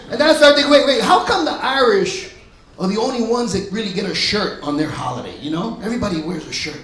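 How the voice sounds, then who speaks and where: A male stand-up comedian telling stories in a loud, punchy way on a club stage. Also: sits high, expressive, fast, a crowd in the background. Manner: loud, punchy storytelling, often laughing. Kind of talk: stand-up set. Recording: echoey club room.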